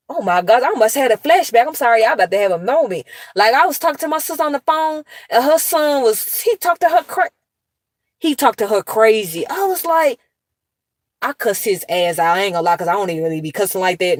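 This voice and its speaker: A woman's voice: mid-range voice, no echo. A mother of two in her thirties talks straight at her viewers in a loose, blunt commentary rant, swearing freely and telling stories with plenty of life. Her voice sits in a middle range for a woman, and the recording is dry and close, with no room sound. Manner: blunt, heavy cursing, animated storytelling.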